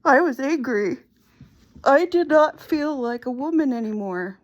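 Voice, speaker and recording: Woman, middle-aged, higher voice, slow emotional storytelling, muffled lo-fi sound. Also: expressive. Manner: slow, halting, emotional retelling. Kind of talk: personal storytelling. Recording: dull lo-fi recording.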